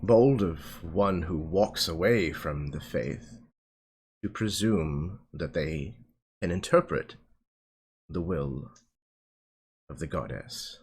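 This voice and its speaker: A man playing a stern, defiant older priestess who speaks coldly and slowly. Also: sits low, animated, slightly rough, full character voice. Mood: reproachful. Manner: cold, measured, reproachful.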